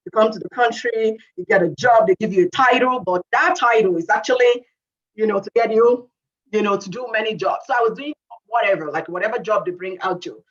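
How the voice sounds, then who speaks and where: A woman's voice: medium pitch, a little fast, dull audio. A woman who moved to Canada, giving a conversational motivational talk to young people, repeating herself and saying "you know" often. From immigrant to Canada. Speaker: youth workshop speaker.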